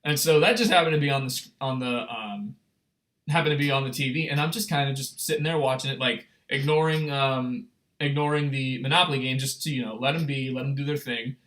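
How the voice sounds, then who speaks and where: A young man telling a story on a casual livestream, rambling and excitable, full of fillers and restarts. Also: a little high. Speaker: streamer.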